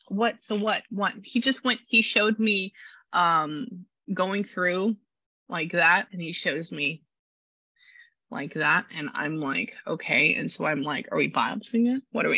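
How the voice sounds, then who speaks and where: A woman leads a casual reading session, talking in a bright, tense, excitable way and circling back on herself. Her voice is crisp in the highs, but the recording sounds dull and completely dry. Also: no echo. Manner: animated, rambling, exclamatory. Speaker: psychic medium.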